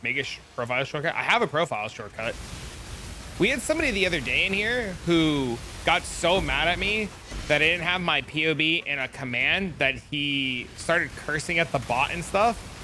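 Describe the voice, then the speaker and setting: A man's voice: fairly high pitch, animated, normal speed, pushed and bright, a little hiss or hum. A man streaming a game and chatting casually, telling stories and mimicking his chat in repeated, raised voices.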